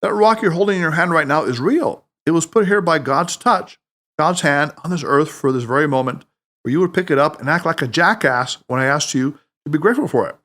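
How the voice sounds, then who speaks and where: A playful, teasing mentor with an emphatic delivery, voiced by a man. The pitch rises and falls in a lively way, sitting a little high for a man. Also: brisk. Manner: emphatic, teasing, booming laughter. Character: wise playful older male mentor Tanaka.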